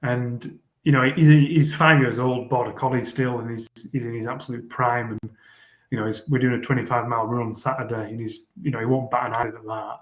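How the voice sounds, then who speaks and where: A man's voice: medium pitch, fairly even intonation, brisk. A man, a guest in a casual interview, who speaks earnestly and rambles, often repeating words as he thinks. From England. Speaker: guest, fell runner. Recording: roomy echo.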